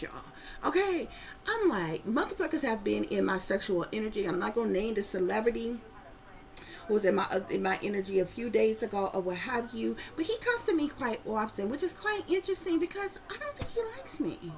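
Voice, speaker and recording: A middle-aged woman and psychic reader, telling viewers a story in a casual, profane and animated way while calling out to her audience. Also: a little high.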